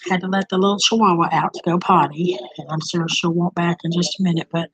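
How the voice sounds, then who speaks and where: A woman's voice: on the low side, fairly even intonation, fast talker, slightly rough, poor audio. An older woman, a grandmother hosting a rambling, casual livestream chat with her viewers. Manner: chatty, rambling, talks to viewers and pets. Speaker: livestream host.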